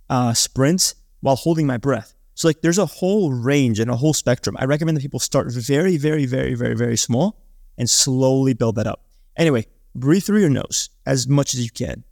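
A man's voice: mid-range voice, darkish tone, dry recording, clean studio sound. A man who hosts a podcast, giving casual advice in a chatty way, often restarting and filling with likes and ums. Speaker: podcast host.

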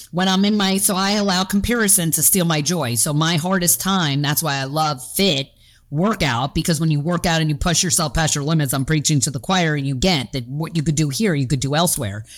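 Low-voiced woman near fifty, candid interview guest, lively and profane. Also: brisk. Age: around 50. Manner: animated, acts out inner voices, swears freely. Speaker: guest, fitness coach and gym owner.

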